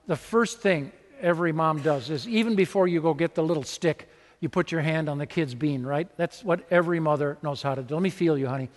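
A man's voice: a little high, a little fast, long reverb tail. A man preaching a sermon in a church, talking conversationally and acting out little scenes as he goes. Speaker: pastor.

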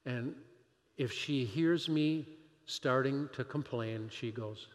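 Animated man preaching in a reverberant hall. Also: medium pitch, slow pace. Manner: animated, rhetorical questions, emphatic. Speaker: pastor. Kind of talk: sermon.

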